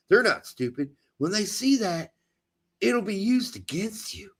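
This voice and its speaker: A man with a high, swooping voice holds forth in a heated soccer chat. He rants and mocks in sarcastic bursts, and his pitch leaps all over the place. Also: measured pace, breathy edge. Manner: animated, ranting, sarcastic mimicry. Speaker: podcast co-host.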